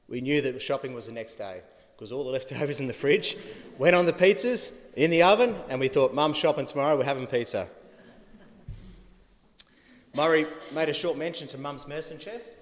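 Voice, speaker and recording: A middle-aged man with an anecdotal, storytelling manner, giving a eulogy for his mother at a funeral. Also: mid-range voice. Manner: storytelling, chuckling at his own stories. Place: funeral venue hall. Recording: echoey livestreamed hall.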